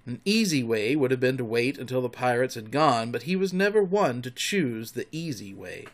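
A man reading a storybook aloud in an expressive, dramatic way. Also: medium pitch, moderate pace. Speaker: narrator.

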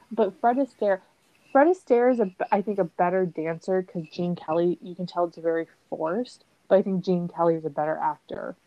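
A woman in her thirties hosts a casual podcast, spinning animated stories full of laughter and acted-out quotes. Her voice is fairly low and her pace normal; the recording has no echo, but the highs are cut off.

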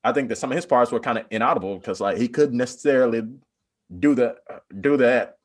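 A man in a loose podcast conversation, his voice sitting at an ordinary middle pitch. He rambles, leaning hard on "like" fillers, then jumps into lively, higher bursts when a point excites him. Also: fast. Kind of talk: casual discussion.

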